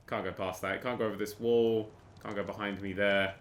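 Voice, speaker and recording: A man's voice: on the low side, level tone, a little fast, slight background noise. A British man giving sarcastic, sweary commentary while playing a game, exasperated and ranting. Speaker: gaming YouTuber.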